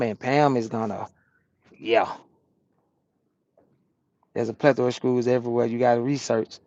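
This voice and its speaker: A Southern US truck driver with a higher-pitched male voice and no echo chats casually with his livestream viewers from his cab on a rest break. He's an animated storyteller, reading comments and spinning tales in slangy, freely profane talk.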